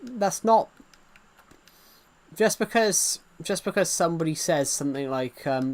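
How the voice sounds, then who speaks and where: A man's voice: a little high, lively intonation, unhurried, long pauses. A man live-streaming a game, chatting casually and reassuring viewers, often repeating himself. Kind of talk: casual live-stream chat while gaming.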